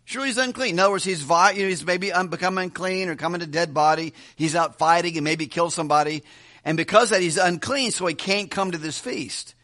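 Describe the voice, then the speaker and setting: High, bright-voiced preacher man. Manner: conversational, rhetorical questions, frequent restarts. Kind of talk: verse-by-verse Bible teaching.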